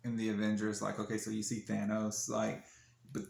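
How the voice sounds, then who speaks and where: A man's voice: lowish voice, monotone, brisk, gravelly, darkish tone. A man, co-hosting a podcast, chatting casually with dry teasing remarks. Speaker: podcast co-host. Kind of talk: casual chat. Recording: echoey room with faint noise.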